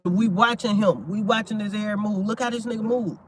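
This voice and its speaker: A man in a casual religious chat, talking in a rambling, animated, profane way and often searching for his words. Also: sits high, a little fast, faint music behind.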